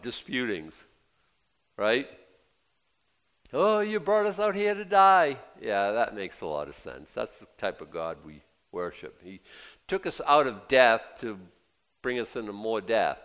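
Lively conversational older preacher man. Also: medium pitch. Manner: conversational preaching, acts out quotes in voices. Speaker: pastor. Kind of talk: sermon.

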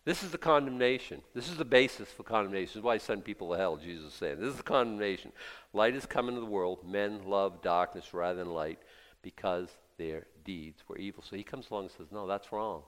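Low-voiced preacher in an echoing hall. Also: male voice, fast. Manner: conversational preaching, swings from quiet asides to loud emphatic bursts. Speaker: pastor. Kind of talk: sermon. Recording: long hall reverb.

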